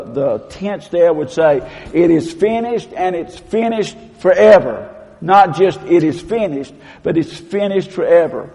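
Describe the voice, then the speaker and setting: A man preaching a sermon, swinging between loud emphatic proclaiming and hushed low tones and leading the congregation in call-and-response. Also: gravelly. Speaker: pastor. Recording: long hall reverb.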